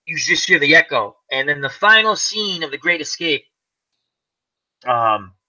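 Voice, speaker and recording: A man's voice: on the high side, big pitch swings, unhurried, pushed and bright. A man hosting a casual chat, rambling through a movie plot and acting out its lines. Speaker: channel host. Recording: dull lo-fi sound.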